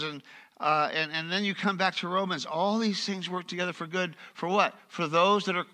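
Man, pastor, sermon, high voice, very bright tone, asks the room questions. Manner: animated preaching, reads scripture aloud, asks the congregation questions. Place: church.

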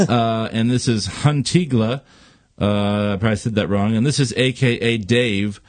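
A man hosting a podcast in casual chat, reading jokes aloud, laughing often and pausing on fillers. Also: fairly low pitch, no room sound. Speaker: podcast host.

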